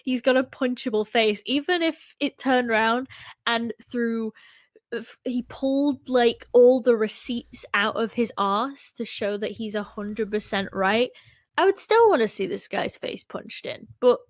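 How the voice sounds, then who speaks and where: A woman's voice: on the high side, unhurried, no room sound, clean studio sound. A woman, co-hosting a stream with blunt, sarcastic remarks. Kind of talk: casual chat.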